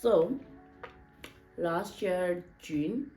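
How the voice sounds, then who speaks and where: Woman vlog host, lowish voice, unhurried, teasing, hesitant at times. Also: dark tone, faint music behind, rough recording. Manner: playful, teasing; hesitant, searching for words. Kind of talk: casual couple vlog chat.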